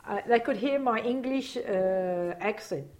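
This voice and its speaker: A woman's voice: on the high side, a little slow, darkish tone. A woman being interviewed, talking in a reflective, hesitant way with many fillers and frequent laughs. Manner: laughs often while talking. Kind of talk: casual reminiscing interview.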